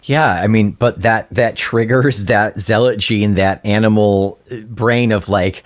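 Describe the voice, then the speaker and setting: A man's voice: lowish voice, steady tone, measured pace, hardly any pauses. A man co-hosting a podcast, chatting casually and pushing back emphatically. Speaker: podcast co-host. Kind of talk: casual chat.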